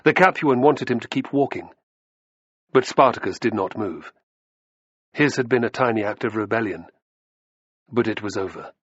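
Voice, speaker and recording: A male audiobook narrator with a husky, breathy voice that rises and falls expressively. The reading is dramatic, on a dry, dull, lo-fi recording with no room sound. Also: fairly low pitch, lively intonation, moderate pace, long pauses, no room sound.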